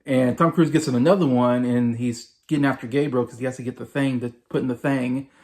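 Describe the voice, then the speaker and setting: A man's voice: medium pitch, fairly even intonation, brisk, darkish tone. Rambling man reviewing a movie. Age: 40s. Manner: rambling, filler-heavy, repeats himself. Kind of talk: casual spoken movie review.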